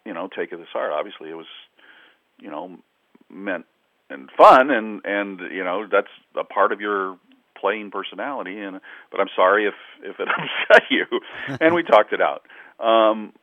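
A man's voice: lowish voice, lively intonation, normal speed, dry recording. A man, a sportswriter guest, telling rambling anecdotes in a casual interview, chuckling often and leaning on lots of fillers. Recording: tinny phone-line audio, dry.

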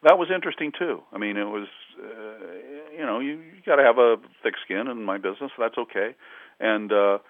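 A sportswriter guest in a casual interview tells rambling anecdotes, chuckling often and leaning heavily on fillers. His fairly low voice moves at a moderate pace over a dry, tinny phone line with no room sound.

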